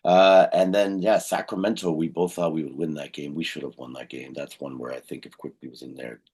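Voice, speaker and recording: A man's voice: fairly even intonation, fairly quick, a little mellow. A man co-hosting a casual fan podcast, rambling with fillers and self-corrections. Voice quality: very deep gravelly husky voice. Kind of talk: casual sports chat.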